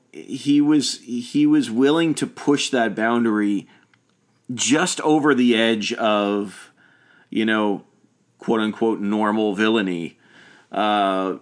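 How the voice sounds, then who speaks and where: A man in casual conversation, speaking with lively enthusiasm and agreeing readily. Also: medium pitch, slow. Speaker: podcast co-host discussing a film.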